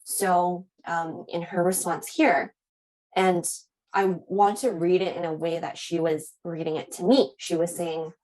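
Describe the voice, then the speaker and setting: A young woman instructor walks students through admissions interview answers in a relaxed, conversational way. Her voice sits a little low, and she leans on fillers and "right?" to keep it friendly. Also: unhurried, low-quality recording. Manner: casual, frequent "right?" and "um". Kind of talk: teaching admissions interview skills.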